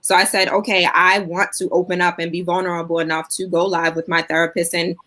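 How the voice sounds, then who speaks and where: Earnest woman with a lower voice. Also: level tone, fairly quick, pushed and bright. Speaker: panelist. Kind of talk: panel discussion.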